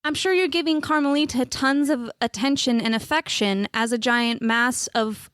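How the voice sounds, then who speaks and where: A woman's voice: on the high side, normal speed, a bit bright, no room sound, studio quality, lightly acted. A woman playing an upbeat, breezy advice-show hostess in an improvised comedy sketch. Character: chipper advice-show hostess Miss Tracy. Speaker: host.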